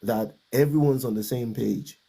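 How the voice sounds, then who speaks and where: A man talks through a personal dream and what it taught him about marriage, pausing and restarting as he reflects. His voice is gravelly and husky, with a dark, mellow color. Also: mid-range voice. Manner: hesitant, reflective storytelling with restarts. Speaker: guest. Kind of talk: personal testimony in conversation.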